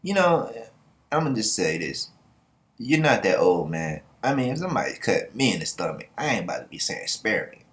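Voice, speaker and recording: A man's voice: lowish voice, very animated, normal speed, a bit bright. Young guy reacting to manga, sarcastic and joking, voice bouncing all over. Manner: sarcastic, joking, laughs often. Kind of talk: casual reaction commentary.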